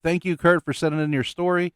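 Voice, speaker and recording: Clear-voiced man hosting a podcast. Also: fairly high pitch, flat delivery, fast talker, a bit bright, no room sound. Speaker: podcast host. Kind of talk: reading listener stories aloud.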